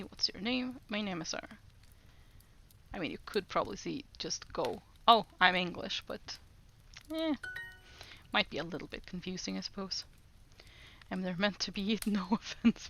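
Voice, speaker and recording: A woman streamer chatting casually with her viewers as she practices French, repeating phrases slowly, giggling and greeting chat brightly. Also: medium pitch.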